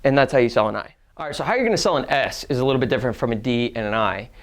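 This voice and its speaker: A young adult man giving a casual, fast-paced sales lesson, explaining how to sell to different personality types and acting out lines he would say to customers. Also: mid-range voice, animated. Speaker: sales trainer. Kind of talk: instructional talk with role-played sales lines.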